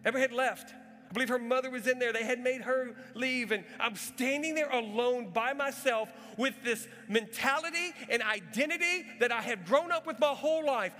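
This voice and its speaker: A man preaching a testimony in sermon storytelling style, animated and acting out the sounds and voices in the story. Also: very high-pitched, moderate pace. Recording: echoey hall with soft music.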